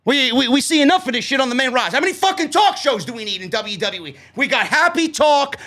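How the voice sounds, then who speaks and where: A man with a New York accent reviewing a wrestling show in a loud, sarcastic, profane rant that breaks into shouts. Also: very high voice, animated, quick pace, few pauses. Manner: loud, sarcastic, swears a lot, shouts often.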